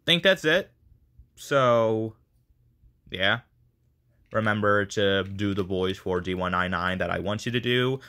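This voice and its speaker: This video creator, running a voice casting call, speaks slowly in a fairly low, sharp voice and pauses often. He chats casually to viewers, rambling and putting himself down.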